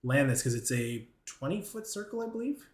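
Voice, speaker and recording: A man running a tabletop game as game master, relaxed and hesitant, with many pauses and ums. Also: mid-range voice, echoey room.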